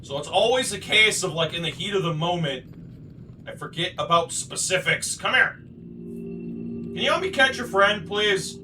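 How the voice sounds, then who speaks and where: Excitable high-voiced gamer man. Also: moderate pace, distant mic, a little hiss or hum. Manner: excitable, swings from muttering to shouting; self-deprecating, swears. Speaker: gaming channel host. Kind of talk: let's play commentary.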